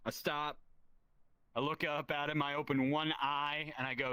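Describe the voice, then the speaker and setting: A man telling a self-deprecating stand-up story in a deadpan, profane way. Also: fairly high pitch, normal speed, clear, resonant tone, no echo. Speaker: stand-up comedian.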